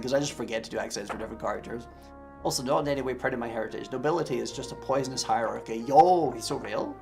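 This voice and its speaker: A man's voice: medium pitch, very fast, creaky, music in the background. A tired man streaming a tabletop game, rambling casually to his viewers and filling his talk with "like.". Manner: rambling, filler-heavy with constant "like".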